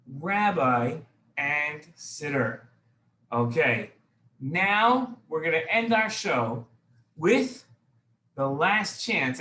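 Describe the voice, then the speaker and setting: A man hosting a children's show, talking slowly and repeating himself as he addresses the kids directly. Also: high-pitched, bright, forceful tone, reverberant, a little hiss or hum.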